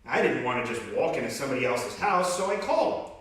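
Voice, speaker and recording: A man's voice: medium pitch, very animated, fast, a bit bright, recorded from a distance. A man reading as a wolf telling his own side of a children's story in a chatty, conversational way. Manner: conversational first-person storytelling. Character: grown male wolf, chatty, self-justifying. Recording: very echoey room, off-mic.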